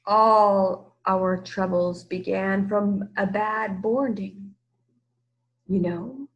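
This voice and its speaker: A woman's voice: medium pitch, steady tone, lo-fi sound. A woman doing a huge, solemn storybook monster. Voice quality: slow deliberate speech, hushed at times. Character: enormous gentle old monster, solemn and slow.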